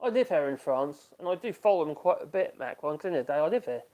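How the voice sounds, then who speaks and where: A warm-toned man with a slightly high voice talks fast and expressively. He's running a casual live stream from his home workshop, reading out viewer comments, reacting to them, and laughing often in loose conversation.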